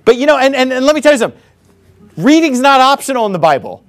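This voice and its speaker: A man preaching a sermon in church, animated and mocking, with frequent laughing asides. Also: very high voice, fast talker, soft background music. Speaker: pastor.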